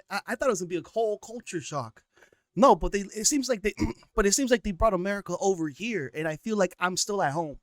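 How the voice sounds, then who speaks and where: A man's voice: high-pitched, lively intonation, fast, no room sound, clean studio sound. A man giving casual reaction commentary, rambling with many fillers and a sarcastic edge.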